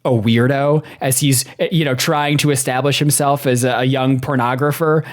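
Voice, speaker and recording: A young man in casual conversation on a podcast, rambling through his take on a film with candid asides and easy laughs. His voice sits at a middle pitch for a man. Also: fairly even intonation, moderate pace. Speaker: podcast co-host.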